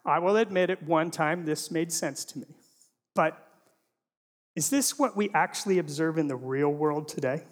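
A middle-aged man giving a humorous teaching presentation to a live audience, full of rhetorical questions and jokey asides. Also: fairly high pitch. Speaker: Christian apologetics speaker. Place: large hall before a live audience. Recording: long reverb of a large hall.

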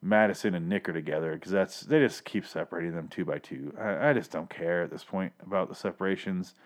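A man's voice: sits low, fairly quick. A man hosting a podcast, recapping a TV episode in a rambling, sarcastic, profane monologue full of self-corrections. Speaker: podcast host reviewing a TV episode. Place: Los Angeles.

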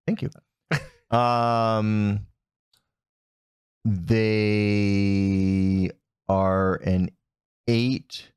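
A man's voice: fairly low pitch, level tone, drawn-out words, long pauses, a little mellow, smooth, no room sound. A man co-hosting a casual chat with wry, dry teasing.

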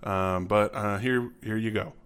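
A man's voice: lowish voice, fairly even intonation, unhurried, a bit bright, smooth. A man co-hosting a podcast, casually recapping a movie plot with lots of fillers and restarts. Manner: rambling, many restarts and fillers, laughs often. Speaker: podcast co-host.

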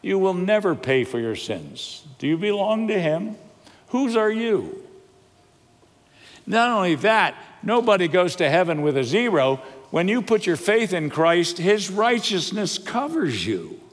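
An older man delivers a sermon, his voice sitting somewhat high for a man. He preaches with lively storytelling, jokes and questions put to the congregation. The sound carries a long reverb from a large church hall. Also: measured pace. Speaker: pastor. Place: church sanctuary.

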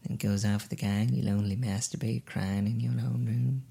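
A man voicing a heartbroken forty-year-old cartoon man in a low, hushed, whiny voice that sounds like an old Southern lady. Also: steady tone, a little fast, vocal fry, very noisy. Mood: self-pitying.

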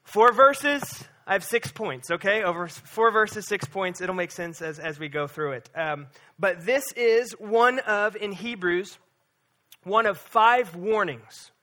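A man preaching a sermon as pastor, reading scripture and then retelling stories in an animated, conversational way with frequent check-ins to the congregation. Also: sits high, measured pace. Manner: animated storytelling, acts out disciples' voices.

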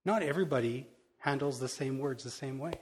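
Brief: middle-aged male pastor, mid-pitched voice, loose storytelling sermon with frequent restarts. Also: a little fast, breathy edge. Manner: self-deprecating and candid. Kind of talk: conversational sermon.

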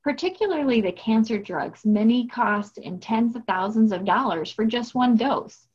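A woman co-hosting a podcast, explaining billing rules in a measured, instructive, upbeat way. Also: on the high side, lively intonation, a little mellow, slightly rough, highs cut off. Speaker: podcast co-host, billing expert. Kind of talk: scripted explanatory podcast talk.

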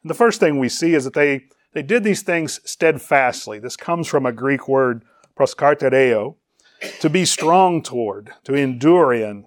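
A man's voice: medium pitch, expressive, a little slow, dry recording, studio quality. Man preaching a Bible sermon. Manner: reads scripture aloud and explains Greek words, rising in emphasis on questions.

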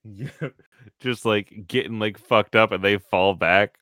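A man's voice: lowish voice, unhurried, pushed and bright, clean tone, no room sound, studio quality. A man narrating a tabletop game as game master in a casual, giggly way, swearing often.

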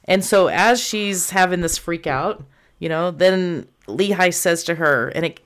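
A woman's voice: on the low side, a little slow. A woman co-hosting a casual gospel discussion, retelling scripture stories with animation and laughing easily. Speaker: podcast co-host.

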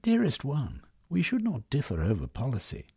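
A man voicing an anxious, mild-mannered gentleman who speaks in a hesitant, placating way, husky. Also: mid-range voice, wildly swooping pitch, normal speed, pitched above the performer's own voice, heavily acted.

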